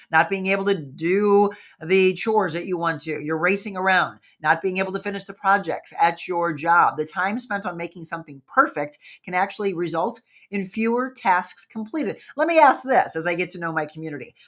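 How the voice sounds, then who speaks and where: Animated woman hosting a wellness talk. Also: lowish voice. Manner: lively, animated, asks the audience questions. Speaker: host. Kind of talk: casual talk to a live audience.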